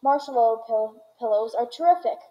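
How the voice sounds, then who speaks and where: Excitable eccentric candy man, as a woman reads him, high bright voice, exclamatory, muffled lo-fi sound. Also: natural voice. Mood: exuberant. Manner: rapid, exclamatory, boastful.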